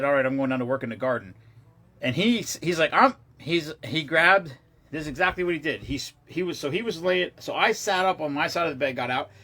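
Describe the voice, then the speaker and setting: Middle-aged guy on a livestream, kinda husky and a bit high, rambly and swears a lot. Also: fairly bright tone. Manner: rambling, profane storytelling with laughs. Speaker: livestream host. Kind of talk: casual livestream chat.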